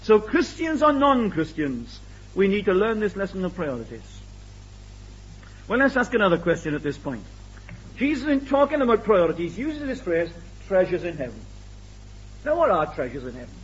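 British guy preaching, high lively voice, dull old tape sound. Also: moderate pace. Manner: animated, rhetorical questions, acts out quoted voices. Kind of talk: sermon.

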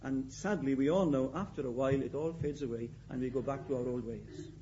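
A man preaching a sermon in an emphatic way, repeating his key phrases and swinging between loud and quiet. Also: mid-range voice, brisk, muffled recording, slight background noise.

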